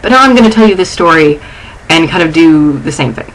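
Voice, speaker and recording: A young woman vlogging from her dorm room. She is shaken and angry, and her speech is halting and full of restarts. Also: sits low, expressive, poor audio. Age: young adult. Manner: agitated, halting, restarting sentences. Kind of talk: casual vlog.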